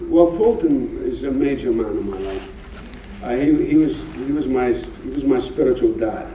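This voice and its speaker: A man's voice: medium pitch, a little slow, mellow, a little hiss or hum. A Scottish man in his seventies, a guest actor telling rambling anecdotes in an on-stage interview. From Scotland. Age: 70s. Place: theatre stage before an audience. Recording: roomy, distant live theatre recording.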